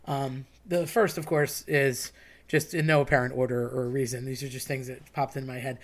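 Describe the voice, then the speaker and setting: A man's voice: mid-range voice, little pitch movement, normal speed. A man hosting a casual monologue, chatty and digressive, with wry asides. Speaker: host.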